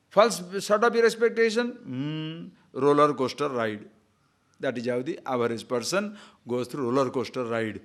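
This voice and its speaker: A man lecturing on scripture as a spiritual teacher, chanting Sanskrit verses and acting out examples, swinging between loud and hushed. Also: medium pitch, animated, normal speed.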